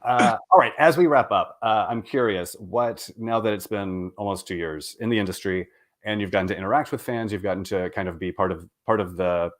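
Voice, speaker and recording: Low-voiced man hosting with wry teasing. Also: brisk, a bit bright. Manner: teasing, wry, loosely worded questions. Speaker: interview host. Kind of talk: casual interview.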